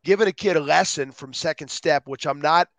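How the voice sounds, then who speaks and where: A man on a podcast as a guest, talking with energy and acting out quotes in lively voices. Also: a little high, fairly quick, no echo. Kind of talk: animated interview talk.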